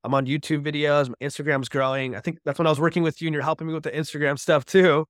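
A man's voice: on the high side, little pitch movement, fast talker, no echo, studio quality. A man guesting on a podcast, telling his personal recovery story in an earnest, heartfelt way, with many casual fillers.

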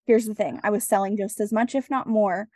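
A woman guest on a podcast interview, telling her story in a casual, animated way and acting out bits of dialogue. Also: mid-range voice, brisk, no echo, clean studio sound. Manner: animated, acts out dialogue, laughs often. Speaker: podcast guest, business strategist.

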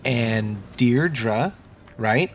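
An actor playing a polite, chatty news director in an audio drama. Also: male voice, medium pitch, animated, extremely slow, slight background noise.

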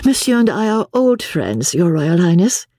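A mischievous young society lady speaks in a light, teasing, raised voice, as a woman reads her in a storybook. The pitch leaps about playfully, with a husky edge. The sound is close and dry. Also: sing-song, moderate pace, mellow, dry recording.

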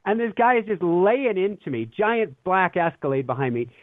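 Over a dry, tinny phone-like line with no echo, a man with a high, sing-song voice speaks at normal speed. He's a spiritual teacher being interviewed, telling stories with earnest energy and occasional laughter in an animated, conversational way.

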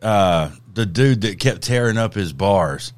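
A low-voiced man adds quick, laughing remarks to a casual podcast chat. He chimes in briefly. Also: expressive. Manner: short, laughing interjections.

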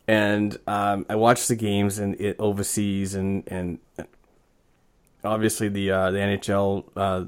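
Give me a low-pitched man in casual sports chat who rambles and restarts often. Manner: rambling, agreeable, halting restarts. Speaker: podcast co-host.

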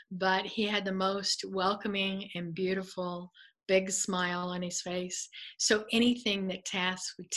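A middle-aged woman, a guest, telling a personal faith story in an animated way, laughing often and acting out what others said. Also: medium pitch, poor audio.

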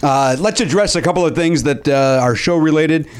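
A man hosting a casual podcast chat, rambling and filling pauses with frequent uhs and ums. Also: a little high, smooth. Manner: rambling, with frequent filler sounds. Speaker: podcast host.

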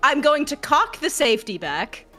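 A woman's voice: sits high, big pitch swings, normal speed, sharp tone, faint music behind. A woman playing a tabletop game, amused and laughing as she declares her actions. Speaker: player.

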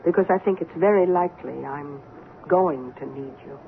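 An actress playing a calm, knowing older woman with a quiet, measured delivery, in a 1970s radio drama. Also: low-pitched, creaky. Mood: grave. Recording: tinny 1970s radio broadcast, faint hiss.

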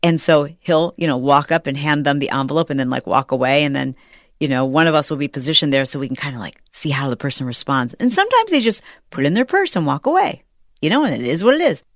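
Middle-aged woman, podcast host, low voice, chatty storyteller, dry close recording. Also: expressive, fast, no room sound. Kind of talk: casual chat.

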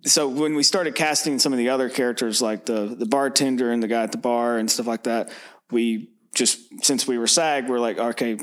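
Easygoing mid-pitched filmmaker man. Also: steady tone, moderate pace, fairly bright tone. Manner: easygoing, hesitant with fillers. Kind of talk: casual interview talk.

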